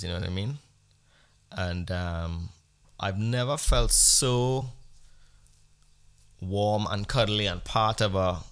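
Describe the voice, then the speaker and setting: A man's voice: deep voice, fairly bright tone, smooth. Male comedy podcast host, rambling storyteller, profane and mock-earnest.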